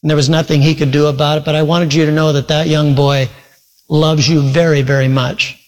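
Male preacher, earnest storytelling, somewhat high voice, long echo of a big hall. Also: flat delivery, fairly quick. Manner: earnest storytelling with quoted retellings and sudden loud shouts. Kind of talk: sermon storytelling.

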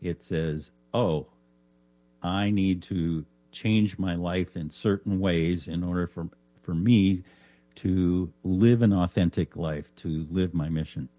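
Male guest, very deep and mellow voice, dry sound, calm explainer. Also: slow, no room sound. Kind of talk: casual radio interview chat.

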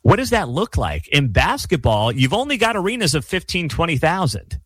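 A man's voice: on the high side, big pitch swings, moderate pace, fairly bright tone, husky, no room sound. A middle-aged man hosting his own sports channel, delivering an emphatic, opinionated monologue with sarcastic asides.

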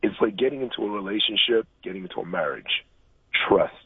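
A man's voice: fairly low pitch, animated, quick pace, slightly rough, no echo. A man calling into a radio show, rambling casually, his voice a bit off, over a tinny phone line. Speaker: caller. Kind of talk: phone-in chat.

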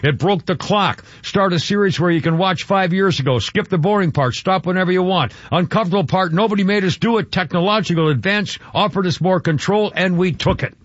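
Chatty male radio host, slightly high voice, dry and muffled studio broadcast. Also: brisk, few pauses, no echo. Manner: rambling, with restarts and chuckles. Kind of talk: casual radio talk and read-out essay.

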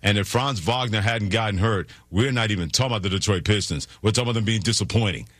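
A man hosting a sports talk show, delivering forceful, scolding commentary with heavy emphasis. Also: lowish voice, quick pace, dry recording, clean studio sound.

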